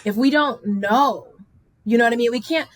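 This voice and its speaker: A woman hosting a podcast interview, talking in a thoughtful, measured way. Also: fairly high pitch, a little hiss or hum. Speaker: podcast host. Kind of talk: casual interview talk.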